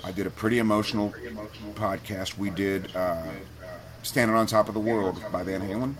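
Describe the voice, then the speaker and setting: A man's voice: on the low side, fairly even intonation, moderate pace, a crowd in the background. A man on a podcast as a guest, telling a personal story in a candid, heartfelt way that gets him choked up. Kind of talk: casual storytelling.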